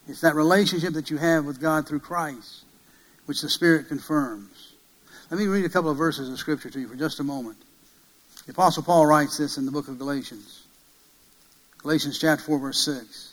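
A man preaching a sermon, emphatic, swinging from loud peaks to hushed passages and asking many rhetorical questions. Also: on the high side, fairly quick, rough recording.

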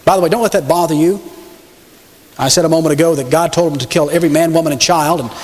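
A man's voice: fairly high pitch, fast talker, a little mellow. A man preaching a sermon, telling a story emphatically and speaking directly to his congregation. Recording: long hall reverb.

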